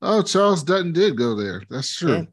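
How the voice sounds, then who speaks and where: A man's voice: a little high, very animated, moderate pace, husky, dry recording, studio quality. A man co-hosting a podcast, chatting casually with short, easygoing reactions. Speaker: podcast co-host. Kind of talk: casual chat.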